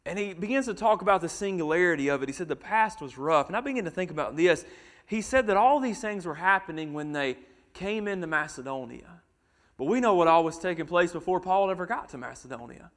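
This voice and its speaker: A man preaching a sermon, dropping quiet and then rising loud, stretching words out for emphasis. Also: sits high, fairly quick.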